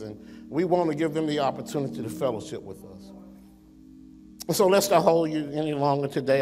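A male pastor preaching a sermon to an online congregation, with a conversational style and frequent rhetorical questions. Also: fairly high pitch. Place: church sanctuary. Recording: long reverb in a church sanctuary.

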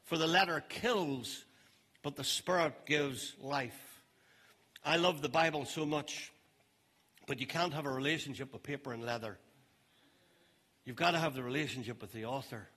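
An older man preaching a sermon as pastor, emphatic and stressing phrases slowly. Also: mid-range voice, pushed and bright. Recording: long reverb of a large hall.

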